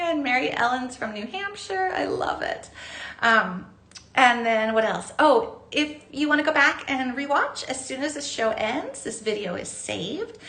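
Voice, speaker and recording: A woman's voice: sits high, very animated, a little slow, bright, forceful tone. A middle-aged woman from Southern California hosting a live jewelry-making class, chatty and upbeat as she greets viewers by name. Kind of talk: live-streamed craft class chat. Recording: roomy echo.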